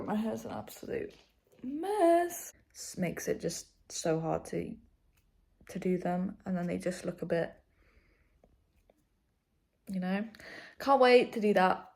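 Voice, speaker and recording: Brit girl vlogging, kinda low voice, chatty, trips over words, whispers bits. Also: gravelly, a little mellow. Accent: British English. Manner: chatty, rambling, self-correcting, slips into whispers. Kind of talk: casual chat to camera.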